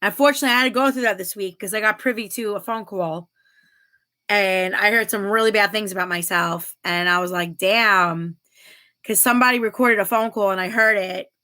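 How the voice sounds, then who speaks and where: A woman's voice: mid-range voice, brisk, pushed and bright. A woman in her thirties hosting a casual livestream, reading viewer comments aloud and chatting, giggling often. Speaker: livestream host.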